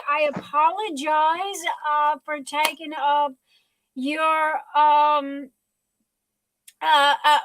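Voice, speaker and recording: A woman's voice: high voice, fairly bright tone, no echo, poor audio. A middle-aged woman hosting her livestream at home, gushing and talking through tears. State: tearful. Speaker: livestream host. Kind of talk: casual live chat.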